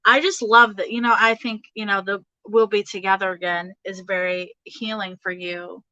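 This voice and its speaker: A young woman reads tarot in a casual, chatty way, laughing easily as she speaks straight to her viewers. Her voice is bright and forward, recorded close and dry with almost no room sound. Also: mid-range voice, fairly even intonation, moderate pace, dry recording, muffled recording. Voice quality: chatty, giggly, talks to her viewers directly. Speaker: tarot reader. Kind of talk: casual live tarot reading.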